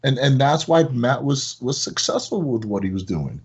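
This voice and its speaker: A product company owner, here a podcast guest, talks in a casual way and tells stories full of energy. He speaks at a moderate pace with a breathy edge to his voice. His storytelling is animated, going high in pitch as he gets excited.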